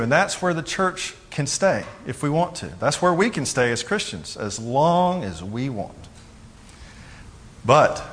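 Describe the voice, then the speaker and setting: A pastor with a fairly bright, mid-range voice preaches casually. Jokes come often, and he briefly imitates others' voices as he tells the story.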